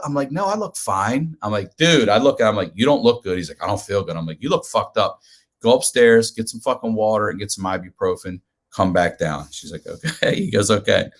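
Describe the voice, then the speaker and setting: Guy guest on a podcast, bright voice, animated, cussing, acts out everybody in the story. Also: fairly low pitch. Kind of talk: comedic storytelling.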